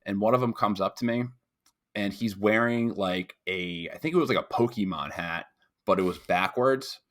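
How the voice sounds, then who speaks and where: A young man from New York rambles through a story for a podcast, stopping to mimic others in loud outbursts. His voice sits fairly low, and he swears freely in a loose, casual chat. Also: moderate pace. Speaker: podcast co-host.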